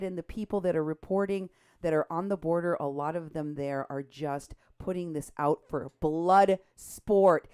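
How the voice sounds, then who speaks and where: A woman co-hosting a political talk show, animated and indignant, her voice jumping up when she is outraged. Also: on the low side, clean tone. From Mexico. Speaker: co-host.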